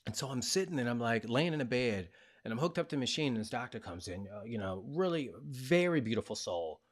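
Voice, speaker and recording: A man's voice: medium pitch, a little fast. Man telling a personal story animatedly. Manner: animated retelling with quoted dialogue and gasps. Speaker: podcast host. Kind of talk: casual storytelling monologue.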